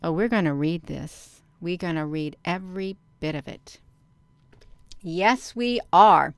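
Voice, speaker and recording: A woman's voice: lowish voice, a little slow, clear, resonant tone, dry recording. A woman hosting her own channel, reading a document aloud and commenting on it casually. She stresses words and repeats phrases, often calling out to viewers as "you all".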